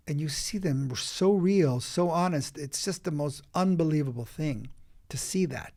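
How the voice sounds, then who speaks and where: A man with a slightly high voice coaching through stories on a podcast. He talks in emphatic, quick bursts and often restarts a thought mid-sentence. His delivery stays animated and forceful. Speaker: acting coach, podcast guest. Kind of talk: animated interview storytelling.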